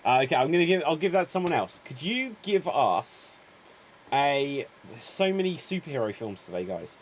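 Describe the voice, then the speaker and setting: A man's voice: fairly high pitch, sing-song, moderate pace, slight background noise. A man hosting an improv game, upbeat and encouraging as he announces players. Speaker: improv show host.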